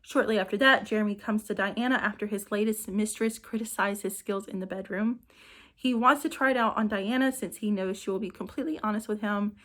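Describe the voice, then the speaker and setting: A woman reading out short book summaries for her channel, evenly, with small slips and restarts. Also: medium pitch. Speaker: book reviewer. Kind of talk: reading book blurbs to camera.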